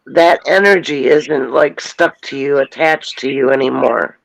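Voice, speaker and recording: A woman joining a casual spiritual chat as a panel guest, explaining her ideas in a calm, reassuring way. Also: very deep voice, a little slow, creaky, dry recording, low-quality recording.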